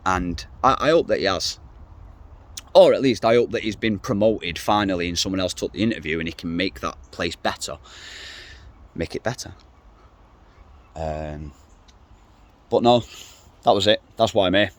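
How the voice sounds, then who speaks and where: A man's voice: deep voice, normal speed, long pauses. Middle-aged guy ranting away on his vlog, blunt and sweary, rambles a lot. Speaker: vlogger. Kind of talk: casual rant to camera.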